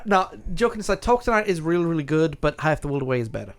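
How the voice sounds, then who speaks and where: Talking fast in a fairly high voice, a man from the UK co-hosts a podcast where the hosts casually rank songs. He's animated and opinionated, defending his choices with plenty of false starts.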